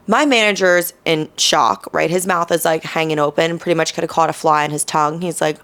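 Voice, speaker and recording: A young woman with a New Jersey accent tells stories on her podcast, chatty and loose, tossing in "um" and "right?" as she goes. Her voice sits a little low for a woman. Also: steady tone, fairly quick, few pauses, fairly bright tone. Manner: chatty, with many "um"s and "right?" tags. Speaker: podcast host. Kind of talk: casual storytelling monologue.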